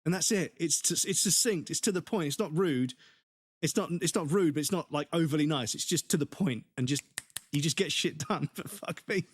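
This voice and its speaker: A man's voice: a little high, fairly quick, slightly rough, no room sound. A man with an English accent chatting casually on a live game stream, ranting with swearing and laughing asides.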